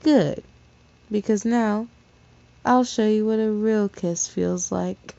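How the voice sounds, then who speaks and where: A woman voicing a threatening male school bully who talks in a low, coaxing way with growled orders. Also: slow pace, vocal fry, mellow. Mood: menacing coaxing. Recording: slightly dull lo-fi recording.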